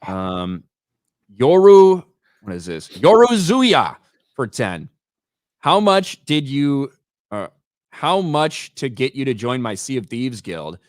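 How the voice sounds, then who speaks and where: A man's voice: mid-range voice, sing-song, measured pace, clear, resonant tone, no echo, clean studio sound. A man hosting a casual podcast chat, talking bluntly and swearing freely as he reads out viewer donations. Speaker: host.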